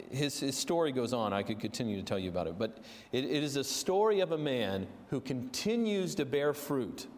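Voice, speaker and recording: A man's voice: mid-range voice, a little mellow. A man preaching a sermon, earnest and storytelling, with fillers and restarts. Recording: long reverb of a large hall.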